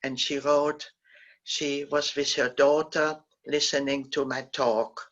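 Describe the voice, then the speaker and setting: An older woman, a Holocaust survivor, gently recounting her memories as a guest speaker, pausing and restarting often. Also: low voice, flat delivery, dull audio. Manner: halting, gentle storytelling with frequent restarts. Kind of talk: recounting personal memories in a talk.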